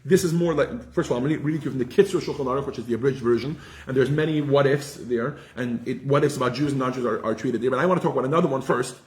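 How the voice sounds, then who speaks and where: A man's voice: mid-range voice, very fast, hardly any pauses. A man giving a casual religious class, telling stories with lots of restarts. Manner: animated storyteller, frequent restarts. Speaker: teacher. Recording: roomy echo.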